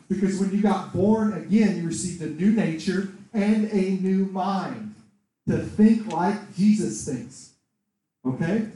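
A man preaching a sermon in a conversational, animated way, acting out quoted voices. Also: high voice. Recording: echoey room, far from the mic.

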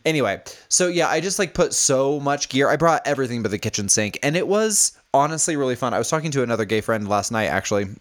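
A man's voice: medium pitch, lively intonation, fast, few pauses. A man with a mid-range voice telling stories on a podcast in a casual chat. His manner is playful, and he slips into giggles as he goes. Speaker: podcast co-host.

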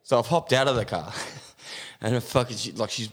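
A man's voice: mid-range voice, moderate pace, breathy edge. An Australian man hosting a casual podcast, telling crude stories with laughter and lots of swearing. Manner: crude, laughing, animated storytelling. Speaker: podcast host. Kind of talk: casual storytelling chat.

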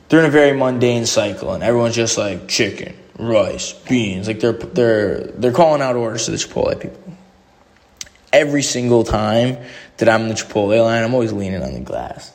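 A man's voice: lowish voice, creaky, a little mellow. A young man hosting a solo podcast, giving a rambling motivational monologue full of "like" and restarts. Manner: rambling, motivational, filler-heavy with lots of "like". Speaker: podcast host.

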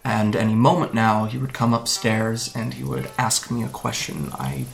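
An actor in his twenties playing a guarded young man from Japan who recounts fleeing home, speaking in a hesitant, halting, wry way in an audio drama. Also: medium pitch, creaky, soft background music, lightly acted. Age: 20s.

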